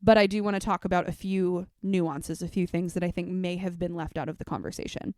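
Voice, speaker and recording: Young woman podcasting solo, smooth clear voice, dry close sound, candid and thoughtful. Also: lowish voice, fairly even intonation, fairly quick, a little mellow, dry recording. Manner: candid, reflective, with frequent fillers. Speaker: podcast host; teacher. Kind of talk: casual solo podcast talk.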